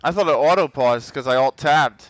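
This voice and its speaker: A man's voice: mid-range voice, moderate pace, no echo. A man streaming a racing game live, chatting to himself in casual commentary, swearing and grumbling as he drives. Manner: muttering to himself, swearing, frustrated laughs.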